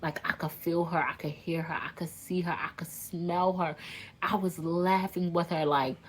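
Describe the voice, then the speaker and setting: Woman w/ venting on her vlog, animated, cussing, lowish voice. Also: moderate pace, a little hiss or hum. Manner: animated, swearing, talks straight to viewers. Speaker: content creator venting to viewers. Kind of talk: emotional vlog vent.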